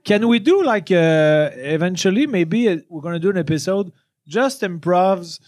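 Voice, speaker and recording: Quebec-accented man, halting and laughing. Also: high-pitched, expressive, a little mellow, dry recording, clean studio sound. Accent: Quebec French. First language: French. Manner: halting, laughs often, many hesitations. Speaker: podcast host. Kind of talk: casual chat.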